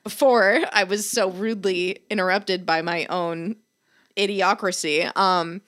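Young woman podcast host rambling and laughing at herself, middle pitch, loose chatty talk. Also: fairly even intonation, a little slow, fairly bright tone. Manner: rambling, self-mocking, laughs often. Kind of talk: casual chat.

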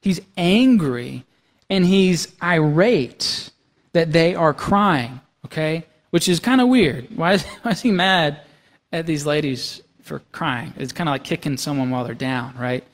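A man's voice: fairly high pitch, expressive, measured pace. A man preaching a sermon as pastor, talking with the congregation in a conversational way and checking in with "right?" and "okay?". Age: young adult to middle-aged, has young kids. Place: church sanctuary. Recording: long reverb of a church hall.

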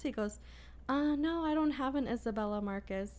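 A woman in her thirties telling a story in casual chat, animated and full of swearing, quoting the people in it. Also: a little high, normal speed.

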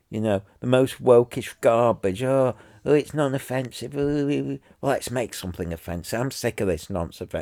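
A man's voice: medium pitch, a little mellow, no echo, clean studio sound. A man ranting angrily to his viewers, repeating himself and sounding exasperated. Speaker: vlogger. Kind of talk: angry rant to camera.

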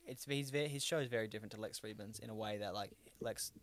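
A man's voice: lowish voice, fast, dry recording. An Australian man co-hosting a podcast in casual chat, rambling with lots of fillers and restarts and swearing freely. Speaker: podcast co-host.

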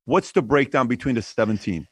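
Man, Persian accent, interview host, rapid chatty questions, dry close mic. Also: mid-range voice, animated, breathy edge, no room sound. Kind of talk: casual interview conversation.

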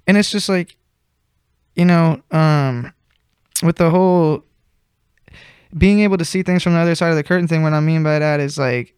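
A young man with a smooth, clear voice pitched a bit high, rambling in casual chat full of fillers and swearing. The recording is dry and close. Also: moderate pace, long pauses, a little mellow, no echo.

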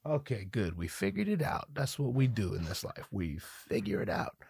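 This solo podcast host is a man in his thirties whose medium-pitched voice is gravelly, husky and darkish, sing-song at normal speed. With no room sound, he records on a studio microphone at home, a dog nearby, rambling and joking profanely while mocking himself.

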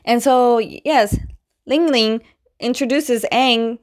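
A woman's voice: fairly high pitch, slow. Young adult woman, casual recap host, chatty, acts out quoted lines.

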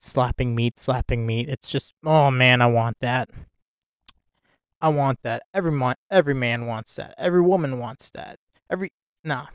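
A man's voice: mid-range voice, clear, resonant tone, dry recording. Rambling, giggly man in a dry room. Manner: rambling, giggly, many fillers and restarts. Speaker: wrestling podcast host. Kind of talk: casual solo commentary.

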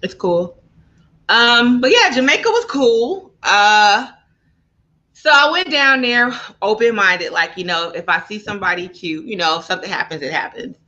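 A woman co-hosting a podcast, telling a travel story in an animated, profane, laughing way. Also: medium pitch, normal speed, dull audio. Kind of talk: casual storytelling chat.

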